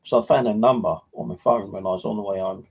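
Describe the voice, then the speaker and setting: A man's voice: lowish voice, fast talker, slightly rough, rough recording. A man with a casual, rambling way of talking, telling his viewers about his day detecting. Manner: rambling, conversational, with fillers and slang. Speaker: metal detecting vlogger. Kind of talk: casual storytelling to camera.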